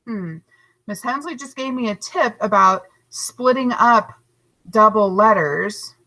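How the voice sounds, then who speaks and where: Bright teacher lady doing a recorded lesson for kids, patient, drags words out slow to break syllables. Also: medium pitch, poor audio. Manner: slow, overarticulated syllables and spelling; encouraging, patient teacher talk. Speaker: third grade teacher.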